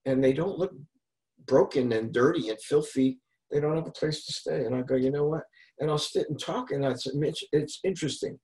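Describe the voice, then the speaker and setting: A man's voice: on the high side, moderate pace, a little mellow, poor audio. A man hosting a podcast, chatting casually in a rambling way with many restarts, retelling encounters with strangers. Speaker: podcast host. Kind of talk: casual chat.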